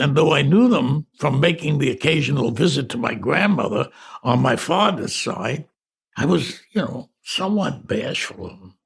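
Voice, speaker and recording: An older New man reads his memoir aloud in a deeply gravelly, husky voice. He drifts back through memories with halting restarts and casual asides. His pitch rises and falls a lot. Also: sing-song. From New York. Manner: reflective, halting, with conversational asides. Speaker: memoir narrator. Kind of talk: audiobook memoir narration.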